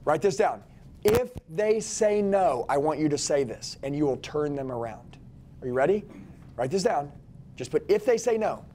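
Forceful man coaching a sales team. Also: on the high side, lively intonation, normal speed, a little hiss or hum. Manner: forceful, commanding, repeats lines for emphasis. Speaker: sales trainer. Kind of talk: energetic live sales training.

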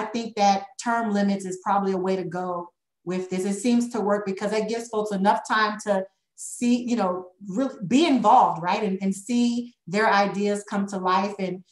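A woman's voice: medium pitch, fairly even intonation, normal speed. A woman consultant answers board members' questions at a meeting, thinking aloud with fillers and "right?" tags. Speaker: consultant presenting to a school board. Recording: echoey meeting room.

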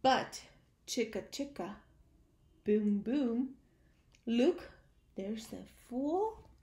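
A woman reading a picture book aloud to young children, slow and animated, stopping to ask her listeners questions. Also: fairly high pitch, reverberant.

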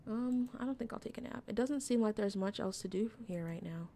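A woman's voice: medium pitch, a little fast, mellow, slight background noise. A woman streamer reading a visual novel aloud, adding playful asides between lines. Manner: reads game text aloud with playful asides. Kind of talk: casual game narration.

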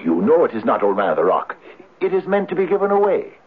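An actor playing a poor, earnest, idealistic Irish farmer who hesitates with many 'uh's, in a 1970s radio drama. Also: male voice, a little high, wildly swooping pitch, fast, husky, heavily acted. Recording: tinny lo-fi old radio broadcast.

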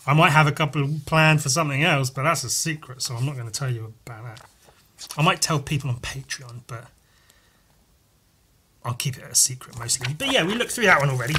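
A man hosting a podcast, over-caffeinated and chatting casually while flipping through comics. He rambles and swears, with jumpy, excited talk. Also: fairly quick, slight background noise. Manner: wired, rambling and profane, jumping in pitch. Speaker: podcast host and comic artist.

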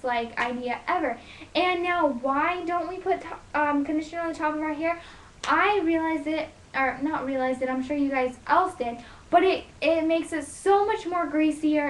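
Chatty high-voiced young woman, echoey room. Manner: chatty, rambling, lots of fillers; loud, emphatic delivery. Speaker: beauty vlogger. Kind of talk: casual hair tutorial vlog.

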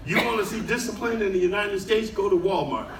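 Guy doing standup, high lively voice, echoey showroom with a laughing crowd. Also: a little fast. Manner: animated, shouting punchlines, talks to audience. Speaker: stand-up comedian. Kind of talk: stand-up comedy. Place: cruise ship showroom, live audience. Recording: echoey room, far mic, crowd laughter.

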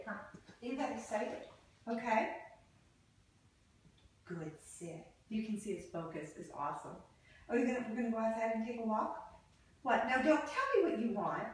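A woman's voice: on the high side, a little hiss or hum. Cheerful woman trainer, echoey and distant. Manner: cheerful praise and sing-song baby talk to a puppy. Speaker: dog trainer. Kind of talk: puppy training video. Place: home, indoors then outdoors.

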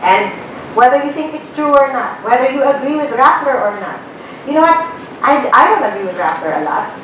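A Filipino woman with a high voice lectures a class, blunt and lively, throwing out rhetorical questions. She is picked up from far off in a very echoey room, with a faint rumble underneath. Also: fairly quick. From Philippines. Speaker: guest lecturer. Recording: very echoey room recording from afar.

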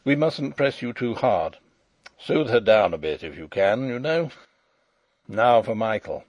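A man doing a gruff, blunt old courtier. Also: mid-range voice, very animated, darkish tone, dry recording, muffled recording. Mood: coaxing. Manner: rough, brisk, blunt. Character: gruff cold-blooded old male courtier. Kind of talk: audiobook character reading.

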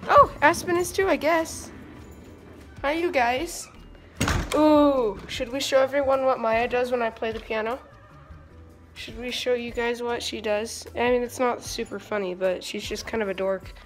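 A teenage girl vlogs indoors at her family home on a phone camera, chatting playfully with her dogs and viewers. Her fairly high voice is unhurried with fairly even intonation, and faint music plays behind her.

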